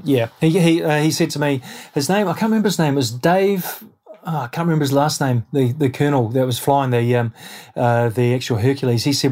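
A man from New Zealand with a New Zealand accent, a guest in an interview, telling his story in an animated, rambling way with many restarts. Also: medium pitch, a little fast. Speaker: guest, airline pilot and adventurer.

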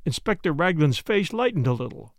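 A man narrating a story in a measured, expressive audiobook reading. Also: a little high, dry recording, studio quality. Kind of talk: scripted narration.

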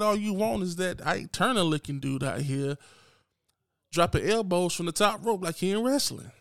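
A man's voice: on the high side, lively intonation, moderate pace, creaky, a bit bright, no echo, clean studio sound. A man hosting a podcast, delivering a blunt, unapologetic solo rant straight to his listeners. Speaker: podcast host.

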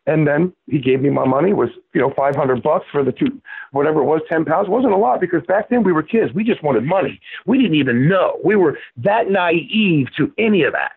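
A man's voice: fairly high pitch, animated, a little fast, creaky, slightly rough, no room sound. A man in his sixties from Florida, a guest telling a rambling story with many fillers and restarts. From Florida, USA. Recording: tinny phone-like line.

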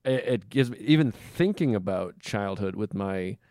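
A male podcast host talking casually from a hotel room. He slips into other people's voices with sudden leaps upward. The sound is close and dry, with no room echo. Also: moderate pace. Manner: animated, acts out quoted people with big jumps in pitch. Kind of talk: casual chat.

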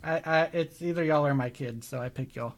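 A man's voice: a little high, fairly quick. A man, a guest on a podcast, chatting casually with dry jokes. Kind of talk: casual chat.

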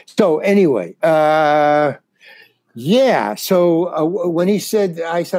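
A man's voice: high-pitched, lively intonation, a little slow, a little mellow, no echo. An older man, a comedian, telling stories in a casual interview, rambling with restarts. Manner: rambling, restarts, acts out quoted dialogue. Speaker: comedian guest.

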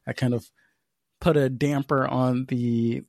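A man's voice: mid-range voice, little pitch movement, takes it slowly, creaky, darkish tone, dry recording. A man co-hosting a podcast, telling a long, profane story in casual chat. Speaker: podcast co-host.

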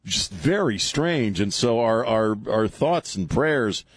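A man's voice: lowish voice, animated, husky, no echo. Rambling radio host man, dry studio sound. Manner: rambling, halting, with many fillers and restarts. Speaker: radio talk show host. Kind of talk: casual talk radio chat. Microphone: studio microphone.

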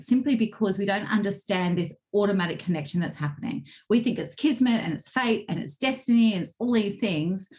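A woman's voice: mid-range voice, a little mellow. A woman coach telling stories animatedly in a casual interview, acting out quotes with bursts of laughter. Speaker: guest, communication coach.

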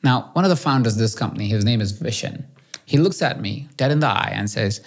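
A man from India, hosting a solo podcast and telling a self-mocking personal story with lively swings in pitch. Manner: animated, self-mocking, quick shifts in pitch. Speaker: podcast host.

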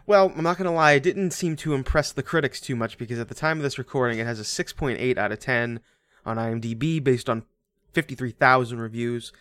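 A man co-hosting a casual podcast, rattling on about a movie with jokey asides and laughter. His voice sits at an ordinary middle pitch and sounds close and dry, with no room around it. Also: fairly bright tone, no echo. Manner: chatty, jokey, laughs often, quick asides. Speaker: podcast co-host.

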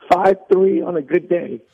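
A man putting on the voice of a sick woman calling in, raspy and coughing, heard over the phone. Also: high voice, unhurried. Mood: sweet, coughing. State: coughing, voice shot. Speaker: caller. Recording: tinny phone line.

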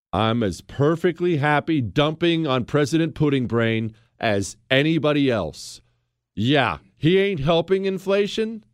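Speaking unhurriedly with lively intonation, a mid-range-voiced man rants sarcastically on his political commentary show, addressing the listener head-on. He mocks people by quoting them in put-on voices, and the studio sound is clean and dry.

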